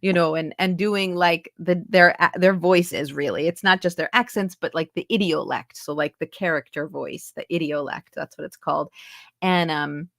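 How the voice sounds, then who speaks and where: A woman's voice: low-pitched, normal speed, gravelly, a bit bright, no room sound, clean studio sound. An American woman in her forties from New York, a chatty accent coach on a video call who keeps dropping into voices to show them. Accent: American, light Texas coloring over New York. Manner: chatty, full of "like", slips into voices to demonstrate. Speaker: interview guest, accent coach. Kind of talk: casual interview.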